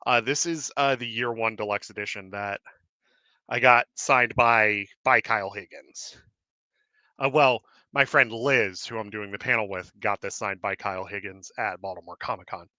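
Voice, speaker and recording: A man hosting a live show in casual chat, rambling and excitable with many fillers and restarts, a little out of breath. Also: fairly low pitch, moderate pace, dry recording. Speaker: host. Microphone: desk mic with cord.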